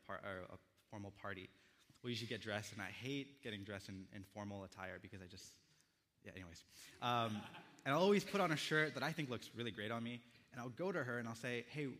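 Gentle male pastor in a reverberant church. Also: lowish voice, a little hiss or hum. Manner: gentle, reflective storytelling with quiet pauses. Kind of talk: sermon.

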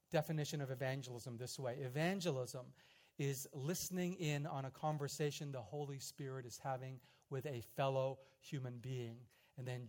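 A man preaching a sermon, telling a story dramatically, swelling loud and then dropping quiet. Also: medium pitch. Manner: dramatic storytelling, rising loud in quoted prayers and dropping soft. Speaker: pastor.

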